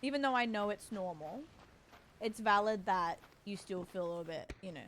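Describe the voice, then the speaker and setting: A woman's voice: mid-range voice, moderate pace, fairly bright tone, slight background noise. A woman livestreaming a game, chatting casually and reassuringly with her viewers. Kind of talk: casual gaming stream chat.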